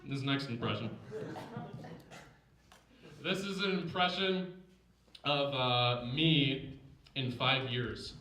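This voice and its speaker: A man performing a stand-up set, introducing his bits in a deadpan tone on a comedy stage. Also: medium pitch, slow pace, pauses often. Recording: echoey stage mic.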